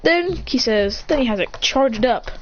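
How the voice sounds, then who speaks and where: Lively rambling woman telling a fan story. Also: fairly high pitch, normal speed. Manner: rambling, animated, self-correcting. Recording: muffled with faint hiss.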